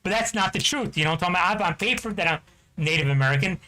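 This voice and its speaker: Fast, heated high-voiced man ranting. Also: lively intonation, pushed and bright, rough recording. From New Jersey. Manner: profane, heated, repeats "you know what I'm talking about". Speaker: game streamer. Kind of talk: angry ranting chat.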